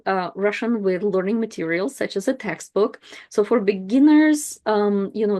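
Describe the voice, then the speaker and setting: A woman's voice: medium pitch, a little mellow. A woman teaching an online language lesson, explaining step by step in a casual way with frequent fillers.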